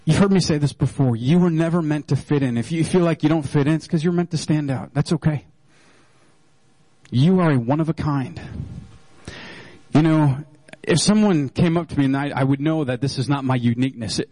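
A middle-aged man delivers a sermon in a high, bright register. His delivery is animated and playful, with quick jokes and big swings in pitch. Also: dry recording, low-quality recording. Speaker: pastor.

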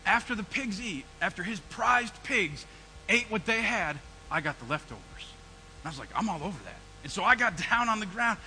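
Sermon monologue: a man as the young prodigal son, high, very bright voice, cocky then humbled, with a faint hum behind. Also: normal speed, exaggerated voice, low-quality recording. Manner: animated storytelling, swings between loud and hushed. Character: brash, repentant young prodigal son, male. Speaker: preacher in character. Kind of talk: first-person narrative sermon monologue.

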